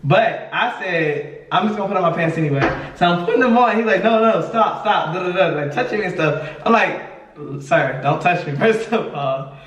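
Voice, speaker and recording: Speaking fairly quickly in a high-sitting voice, the co-host spins a casual anecdote. He plays out the other characters' dialogue and keeps laughing, all heard distantly in an echoey space.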